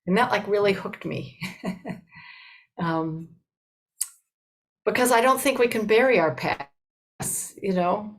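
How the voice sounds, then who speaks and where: An older woman, a Buddhist dharma teacher, tells a dharma story in a medium-pitched voice on a low-quality recording. She speaks unhurriedly and conversationally, often saying "you know" and restarting her sentences.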